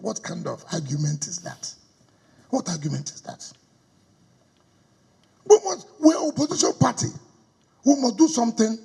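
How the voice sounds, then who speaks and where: A man's voice: high-pitched, creaky, breathy edge. A middle-aged Nigerian man giving a combative campaign speech to party leaders, firing off rhetorical questions and slipping into pidgin. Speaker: politician addressing party stakeholders. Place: government house hall. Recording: echoey hall recording.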